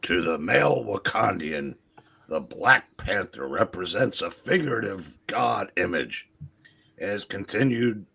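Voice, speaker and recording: A man reading comic captions aloud in a deadpan way, slipping in dry jokes. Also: fairly low pitch, unhurried, vocal fry, slightly rough. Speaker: co-host.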